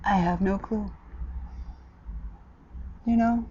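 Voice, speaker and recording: Woman, sarcastic vlog rant, mellow tone, muffled lo-fi recording. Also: fairly even intonation, slow pace, breathy edge. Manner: blunt, sarcastic, swings between loud outbursts and low mutters. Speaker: vlogger. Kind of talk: casual ranting vlog.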